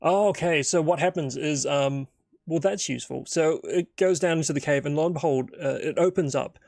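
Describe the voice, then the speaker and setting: Gravelly man narrating a solo tabletop game. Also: on the high side, darkish tone, no room sound, clean studio sound. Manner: rambling, filler-heavy, thinking aloud.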